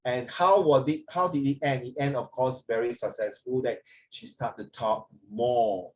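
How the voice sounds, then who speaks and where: A man's voice: mid-range voice, steady tone, normal speed. A man teaching an online English class over a video call, joking with the pupils and mixing English with Chinese. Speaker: English tutor.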